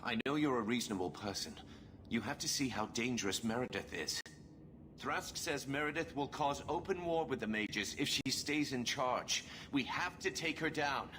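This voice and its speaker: A man's voice: mid-range voice, lively intonation, moderate pace, pushed and bright, a little hiss or hum. A man voicing an earnest young male templar in a video game who pleads urgently for a reform cause, with game music behind him.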